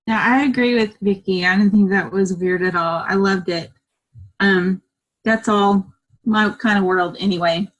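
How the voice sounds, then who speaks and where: A woman's voice: mid-range voice, unhurried, low-quality recording. A woman on a video call telling a rambling personal story and acting out what she said back then. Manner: animated, rambling, acts out her own past words. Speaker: workshop participant.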